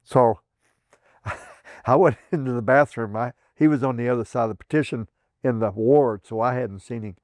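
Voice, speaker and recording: An older veteran from southern Indiana, USA, rambles through his memories for an oral history interview, restarting sentences and chuckling. He raises his pitch to act out quoted voices and speaks at a moderate pace in a dry, studio-quality recording.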